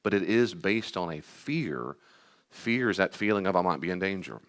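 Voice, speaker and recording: A man counseling and teaching a live class on anxiety, talking to the audience in an animated, emphatic way and repeating key phrases. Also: deep voice, normal speed. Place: meeting room with live audience and online viewers.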